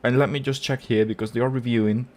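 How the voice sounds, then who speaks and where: A man's voice: mid-range voice, steady tone, quick pace, a little mellow. A man hosting a football fan channel, giving a live match reaction and ranting angrily with lots of swearing and repeated words. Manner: angry, swearing rant.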